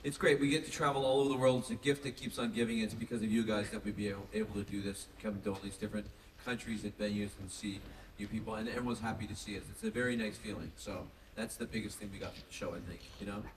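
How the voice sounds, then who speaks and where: A man on a convention panel running a fan auction, calling out bids briskly and loudly. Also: lowish voice, steady tone, slight background noise. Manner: calls bids briskly, rising and loud. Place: large convention hall. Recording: echoey hall recorded from far off.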